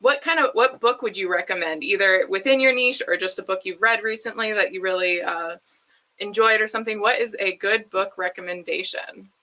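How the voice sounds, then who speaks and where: A woman hosting a live Q&A session on a video call, friendly and quick to laugh. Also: mid-range voice, bright, forceful tone, poor audio. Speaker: host, moderator. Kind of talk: moderating a live Q&A.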